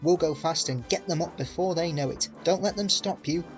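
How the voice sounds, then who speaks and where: Man playing a storybook engine driver, brisk, urging, slightly raised. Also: a little high, soft background music, voice pushed up, close to an everyday voice. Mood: urgent.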